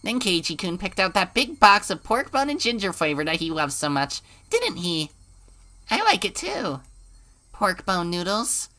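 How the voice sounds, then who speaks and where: A woman voicing an eerily gentle teenage girl from a visual novel, sweet on the surface but menacing underneath. Her voice is bright and lilting, swooping up and down as she draws out each word slowly. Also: on the low side, sing-song, heavily acted. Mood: eerie sweet. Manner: soft, sing-song and eerily gentle.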